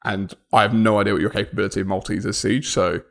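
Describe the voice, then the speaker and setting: Gravelly man asking questions. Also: on the low side, level tone, fast, fairly bright tone. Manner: inquisitive, asking follow-up questions. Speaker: podcast co-host. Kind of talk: casual group chat.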